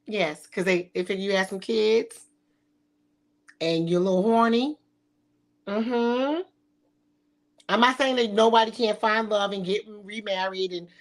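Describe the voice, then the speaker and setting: A middle-aged woman hosting a talk show, speaking bluntly and sassily with frequent swearing. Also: fairly high pitch. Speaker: podcast host. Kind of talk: provocative casual talk.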